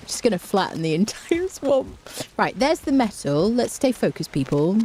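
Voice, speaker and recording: A woman's voice: mid-range voice, sing-song, moderate pace, dark tone, slight background noise. A woman streaming a video game with casual, chatty commentary, humming little tunes as she plays. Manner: chatty and playful, hums tunes while playing. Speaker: gaming streamer. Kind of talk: casual let's-play commentary.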